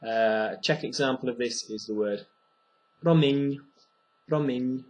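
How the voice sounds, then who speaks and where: A man teaching a pronunciation lesson, speaking slowly and clearly and repeating each sound for the learner. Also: on the low side, steady tone, rough recording. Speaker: language teacher.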